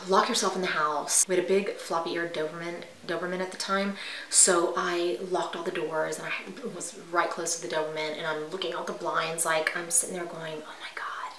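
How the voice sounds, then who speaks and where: A woman recounts a frightening personal story in an animated, dramatic way, sometimes dropping to a hushed whisper for effect. Her voice is bright and forward, a little low for a woman. The room around her is echoey. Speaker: vlogger telling a personal story. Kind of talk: casual storytime.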